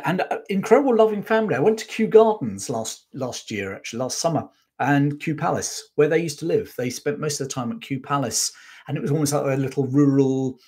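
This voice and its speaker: A man's voice: mid-range voice, a little mellow, breathy edge. A man hosting a live history stream, chatting enthusiastically with viewers and going off on asides. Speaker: history channel host. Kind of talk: live-stream chat, answering viewer questions.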